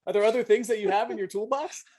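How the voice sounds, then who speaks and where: A man hosts a casual podcast interview in a fairly high voice. He asks questions in a friendly, playful way. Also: quick pace, a little mellow. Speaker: podcast host.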